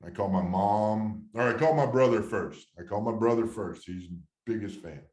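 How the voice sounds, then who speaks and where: A man in his thirties with a very low voice, recalling his playing days in a loose, rambling way that keeps restarting. The talk is heartfelt and easy. The room is echoey and lively around him. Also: normal speed. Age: 30s. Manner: rambling, emotional storytelling with many restarts. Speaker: former baseball player, guest. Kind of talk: casual storytelling interview.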